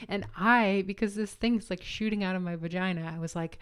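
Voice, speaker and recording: A woman's voice: medium pitch, steady tone, fairly quick, hardly any pauses, clear, resonant tone. A young woman hosting a podcast, telling a personal story in a candid, chatty way with occasional laughter. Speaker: podcast host.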